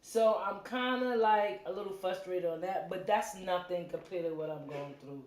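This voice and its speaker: A middle-aged woman hosting a livestream from her home, telling a story in a casual, animated way and acting out the quotes. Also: on the low side. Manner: animated, acts out quotes, quick asides. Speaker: livestream host. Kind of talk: casual storytelling to a live chat. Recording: roomy echo.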